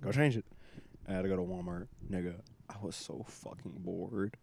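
Low, mellow-voiced young man telling stories. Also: brisk, vocal fry, slight background noise. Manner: animated, profane, laughing storyteller. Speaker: podcast host. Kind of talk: casual storytelling chat.

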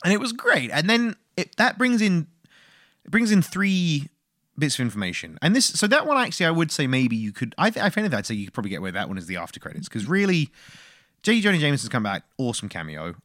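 Lively male podcast co-host, dry sound. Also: fairly high pitch, no room sound. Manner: animated, laughs often, slips into quick mock voices. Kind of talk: casual film review chat.

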